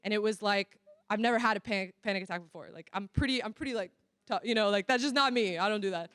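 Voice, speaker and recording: A woman's voice: mid-range voice, quick pace, a bit bright, no room sound, clean studio sound. A woman giving an earnest, candid church workshop talk, full of casual fillers. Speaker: workshop speaker. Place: church venue.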